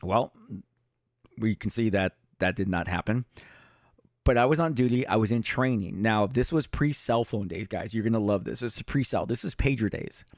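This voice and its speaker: His voice sits on the low side and moves at a normal speed as this fifties-aged retired police chief shares stories in a laid-back livestream chat. He speaks to viewers directly, conversationally, swearing casually at times. The clean studio audio carries no room sound.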